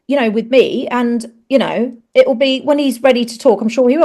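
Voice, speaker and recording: A woman's voice: a little high, a little fast, hardly any pauses, dark tone. A middle-aged woman and actress, a podcast guest who candidly tells a personal story, frankly swearing and acting out the dialogue in raised voices.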